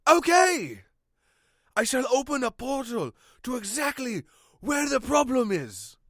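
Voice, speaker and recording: A man's voice: very high voice, wildly swooping pitch, measured pace, fairly bright tone, dry recording, clean studio sound, voice pushed up, full character voice. A man voicing a regal but ditzy space queen in a comic homemade story.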